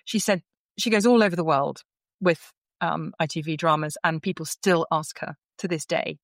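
A woman's voice: low voice, moderate pace, no room sound. A middle-aged woman, an author being interviewed, telling stories and acting out the dialogue. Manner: animated, acts out quoted dialogue, frequent restarts. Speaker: author guest. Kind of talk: conversational interview storytelling.

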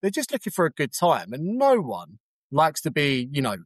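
A man's voice: on the high side, wildly swooping pitch, moderate pace, no room sound. A man who works as a tour guide, answering interview questions in a polite, chatty way and explaining with examples.

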